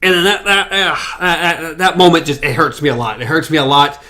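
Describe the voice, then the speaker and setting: A man's voice: fairly high pitch, fairly even intonation, fairly quick, pushed and bright. A man co-hosting a podcast, retelling a TV episode in casual chat and acting out the scenes with animation. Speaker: podcast co-host.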